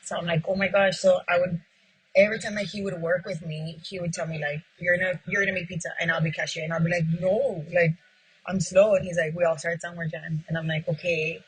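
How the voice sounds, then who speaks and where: This interview clip features a pizzeria owner whose low-leaning, steady voice moves quickly and sounds a little rough. She acts out both sides of past exchanges, leaning heavily on "like," and the recording quality is rough.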